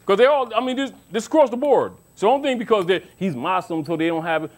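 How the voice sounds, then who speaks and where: High-voiced man lecturing, preachy. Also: sing-song, a little fast. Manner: preachy, rhetorical questions, mocking asides; calls listeners baby. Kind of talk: informal lecture to an audience.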